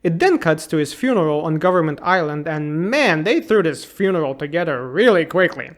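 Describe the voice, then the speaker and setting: A man's voice: on the high side, animated, a little fast. A man in his thirties narrating a comedic game retrospective in a sarcastic, incredulous and exasperated way. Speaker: YouTube game reviewer.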